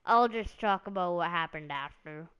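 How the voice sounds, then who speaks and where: Recapping wrestling storylines on a laid-back live stream, a woman rambles and wanders, leaning heavily on "like" and "um." Her fairly low voice is clear, resonant, and a bit bright, moving at a moderate pace.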